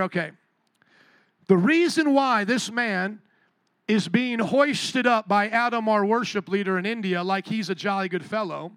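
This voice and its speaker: A male pastor preaching a sermon, telling a story with lively energy and questions to the congregation. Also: sits high, gravelly, dry recording. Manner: animated storytelling, talks to the congregation. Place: church.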